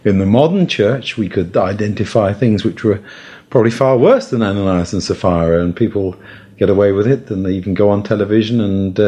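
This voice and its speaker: A man's voice: lowish voice, a little fast, warm tone, breathy edge. A man taking part in a Bible study discussion, speaking hesitantly with many fillers and restarts. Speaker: discussion participant.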